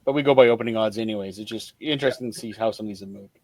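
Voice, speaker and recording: Guy co-hosting a sports pod, quick offhand comments, dead dry sound. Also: fairly low pitch, a little mellow, no echo. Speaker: podcast co-host. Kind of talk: casual sports talk.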